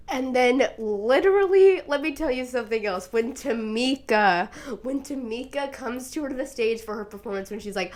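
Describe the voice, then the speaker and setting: A young woman hosting a casual solo talk show, swearing freely and getting emotional, laughing through tears and turning loud and shrill as she gets carried away. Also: lively intonation, moderate pace. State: sick, tearful. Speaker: podcast host. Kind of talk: casual monologue.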